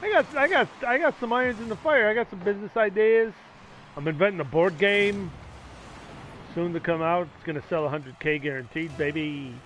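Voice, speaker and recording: A man casually commenting while streaming a video game, excitable and joking, yelling hype at plays. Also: high-pitched, fairly quick, a little hiss or hum. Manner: joking, self-mocking.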